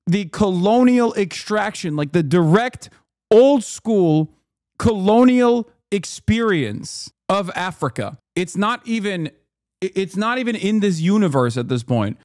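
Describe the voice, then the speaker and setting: Profane, fast-talking male streamer, dry close mic. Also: sits high, no echo. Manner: profane, animated, reading aloud from a wiki page. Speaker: streamer reacting to news clips. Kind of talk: casual live-stream commentary.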